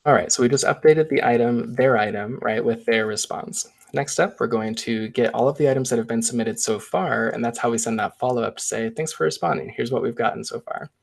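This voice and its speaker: A man presenting a live software demo, talking through each step in a casual, chatty way. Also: medium pitch, steady tone, a little fast, gravelly, few pauses.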